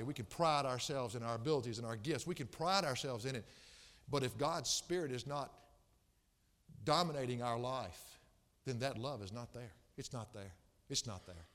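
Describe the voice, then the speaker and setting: A man preaching a sermon as pastor, swinging from soft, low passages to loud, impassioned outbursts. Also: long reverb tail.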